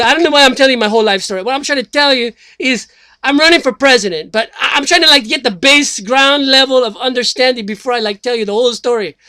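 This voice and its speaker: In an extremely high, bright, and forceful voice that rings clear and resonant, a man portrays a self-styled presidential candidate, a slacker who declares his run. The monologue is dry-recorded, loose, and comic, wandering off track amid fillers and curses.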